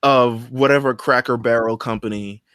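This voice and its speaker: A young man rambles through a relaxed podcast chat, joking and restarting his sentences as he goes. His voice sits at an ordinary middle pitch. The sound is dry and close, with no room around it. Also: normal speed, clean tone, dry recording. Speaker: podcast co-host. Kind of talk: casual chat reviewing old wrestling shows.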